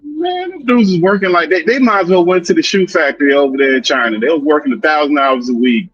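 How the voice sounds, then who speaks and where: A man's voice: a little high, lively intonation, fast, a bit bright, breathy edge. A man co-hosting a casual talk show, talking emphatically and complaining, tacking "man" onto his sentences, heard over dull lo-fi remote audio. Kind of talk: casual podcast chat.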